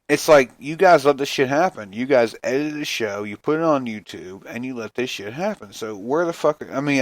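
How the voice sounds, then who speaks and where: A man's voice: medium pitch, no room sound. Male podcast host, tired and profane, rambling rant, dry close sound. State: tired, yawning. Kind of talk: casual solo podcast rant.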